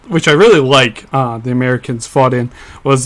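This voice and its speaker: A man's voice: medium pitch, moderate pace, fairly bright tone. A young man co-hosting a casual history podcast, explaining events at length with frequent fillers and restarts. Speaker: podcast co-host.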